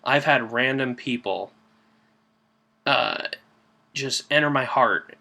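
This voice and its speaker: Man, church devotional host; bright, forward tone, earnest and conversational, leans on key words. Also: mid-range voice, takes it slowly, vocal fry. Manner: earnest, conversational with fillers and restarts. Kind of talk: informal devotional talk.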